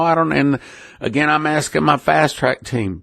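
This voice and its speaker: Earnest gravelly man giving testimony. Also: fairly high pitch, normal speed, a bit bright, no echo, studio quality. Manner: earnest, emotional, repeats himself often. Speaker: ministry leader. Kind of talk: personal testimony to listeners.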